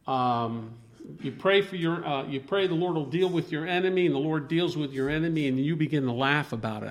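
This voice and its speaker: A man leading an informal Bible discussion, rambling and halting with many restarts as he quotes scripture. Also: a little high.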